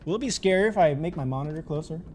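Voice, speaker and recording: A young adult streamer giving live gameplay commentary, excitable and jumpy, swearing often. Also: medium pitch, racing. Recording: noisy background.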